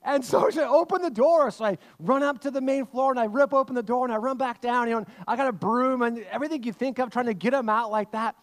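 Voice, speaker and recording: A man preaching a sermon as pastor, reading scripture and telling a lively family story in animated bursts. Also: very high voice, fast, few pauses. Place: church sanctuary. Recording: long hall reverb.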